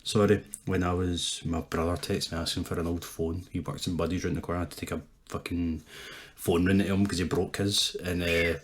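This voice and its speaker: Scottish guy in his 30s telling stories on a podcast, sweary, kinda low voice. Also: level tone, fairly quick. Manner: sweary, laughs a lot. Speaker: podcast co-host. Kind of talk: casual chat.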